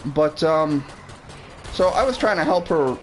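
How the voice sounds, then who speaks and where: A man's voice: on the high side, animated, unhurried, soft background music, low-quality recording. A man streaming a game who tells a long, rambling story with plenty of swearing and restarted sentences. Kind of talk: casual storytelling while gaming.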